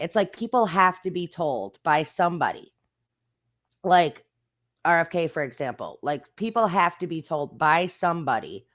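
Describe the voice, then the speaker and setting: A woman hosting her own stream, chatting casually in a blunt, rambling way with plenty of swearing and quick bursts of speech. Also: deep voice. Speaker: streamer and channel host. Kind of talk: casual live-stream chat.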